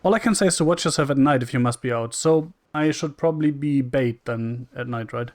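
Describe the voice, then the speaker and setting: A man's voice: medium pitch, brisk, dry recording. A man casually commenting on a role-playing game, reading the dialogue aloud in a wry, chatty way. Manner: wry and chatty, reads lines flatly and jokes.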